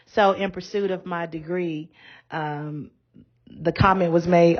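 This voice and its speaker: A woman's voice: on the low side, moderate pace, dull audio. Woman preaching on a podcast, down-to-earth. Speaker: bishop. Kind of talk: podcast sermon.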